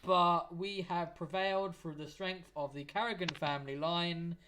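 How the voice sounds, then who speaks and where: A man's voice: a little high, fairly even intonation, normal speed, sharp tone, a little hiss or hum. A man voicing a wary, guarded tavern barman in a tabletop game, who speaks formally and carefully. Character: wary middle-aged male tavern barman.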